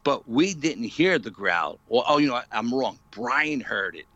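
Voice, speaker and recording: A man's voice: medium pitch, animated, normal speed, a bit bright, dry recording, lo-fi sound. A man, a paranormal investigator, telling a story in an interview with lots of fillers, acting out what people said. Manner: vivid storyteller, many fillers, acts out quotes.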